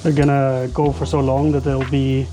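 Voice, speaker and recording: A man's voice: medium pitch, flat delivery, moderate pace, mellow, slight background noise. A man live-streaming while he cooks, chatting casually and joking with his viewers. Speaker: livestreamer. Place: home kitchen, cooking.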